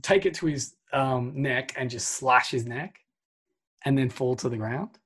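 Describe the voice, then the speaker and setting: Chatty man with a husky voice. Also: medium pitch, unhurried, a bit bright. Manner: chatty, filler-heavy, swears freely. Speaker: podcast co-host. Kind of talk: casual retelling of a film plot.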